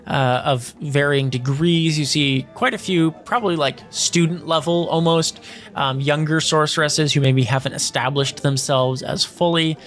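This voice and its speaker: A man's voice: fairly high pitch, a bit bright. A man narrating scenes as game master of a tabletop role-playing game, describing at length with many fillers.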